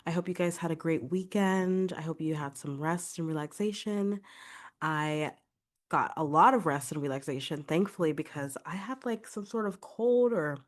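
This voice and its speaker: A woman's voice: sits low, normal speed. A young woman hosting her singing podcast, chatty and upbeat, a little congested from a cold. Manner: chatty, upbeat, many filler "like"s. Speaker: podcast host and vocal coach. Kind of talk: casual solo podcast talk.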